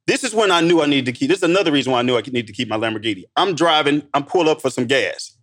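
A man from Missouri telling stories in a casual podcast chat, emphatic and animated, acting out the dialogue. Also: mid-range voice, racing. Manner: animated, emphatic storyteller who acts out dialogue. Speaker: guest entrepreneur.

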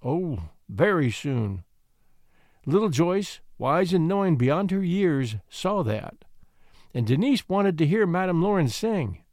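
A man narrating a classic storybook in an expressive, gently measured way. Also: a little high, dry recording, clean studio sound.

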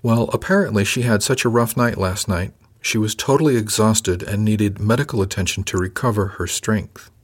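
A man voicing a sharp-witted young female crew member who teases with a mock-innocent manner. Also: fairly low pitch, expressive, fast talker. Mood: sly teasing.

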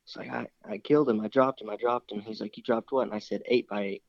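Low male voice, young man, rambling hunting tale, dry and dull sound. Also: quick pace, creaky, dry recording. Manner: rambling, animated retelling with quoted dialogue. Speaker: hunter telling a story. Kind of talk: casual storytelling.

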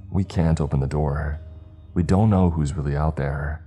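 A steady, decisive young man, played by a male narrator in a horror story. The voice is very deep and dark. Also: moderate pace, slightly rough, faint music behind. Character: calm steady young man taking charge.

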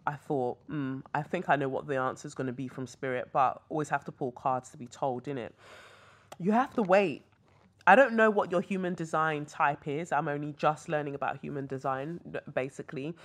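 A young British woman hosting a podcast, chatting casually and rambling through asides while reading tarot. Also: deep voice. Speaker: podcast host and tarot reader. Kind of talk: casual chat. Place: hotel room.

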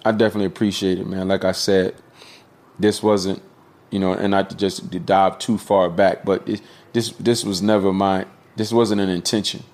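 Low-voiced man telling his story candidly. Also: little pitch movement, normal speed, darkish tone. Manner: candid, storytelling, peppered with slang and cussing. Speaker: guest. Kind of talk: casual podcast conversation.

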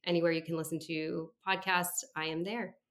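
Here a therapist in her thirties speaks at a normal speed, her voice on the low side and her tone level. Appearing as a podcast guest, she is warm, reflective and chatty, scattering fillers through a relaxed interview.

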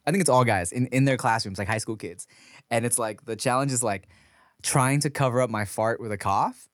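A man co-hosting a podcast, telling excitable stories in casual chat and breaking into laughter and shouted quotes. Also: medium pitch, fairly quick, no room sound, clean studio sound. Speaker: podcast co-host.

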